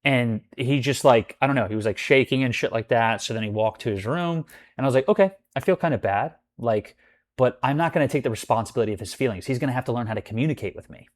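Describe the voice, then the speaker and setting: Here a male vlogger speaks fast at a medium pitch, ranting casually about a roommate. His storytime is profane and rambling, with "like" and other fillers scattered throughout.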